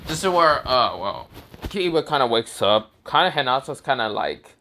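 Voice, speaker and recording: A man's voice: mid-range voice, big pitch swings, normal speed, bright, forceful tone. A young man casually improvising a story, rambling and crude with lots of fillers and self-corrections.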